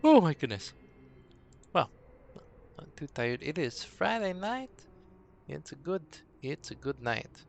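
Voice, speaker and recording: While waiting for viewers, a man streaming live as a dungeon master rambles casually and talks to himself between pauses. His high, creaky voice is very animated; the highs are cut off and there's slight background noise.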